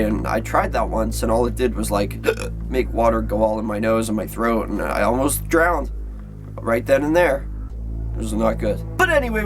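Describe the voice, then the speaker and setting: A young man hosting, chatting brightly and then narrating a scary story, with the hiccups. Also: medium pitch. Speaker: host. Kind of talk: casual vlog intro and story narration.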